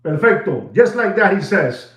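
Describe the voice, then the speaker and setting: A man hosting a watch market show, delivering a rambling, excitable comic rant. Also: high voice, normal speed. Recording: echoey, distant, dull sound.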